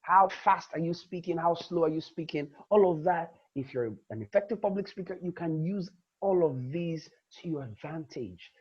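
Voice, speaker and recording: A man gives a public speaking lesson in a husky voice. He stresses words to show his point, dropping soft and rising loud again. The recording sounds dull and lo-fi. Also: a little high, moderate pace. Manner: demonstrative, dramatically shifts emphasis and loudness. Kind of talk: lecture.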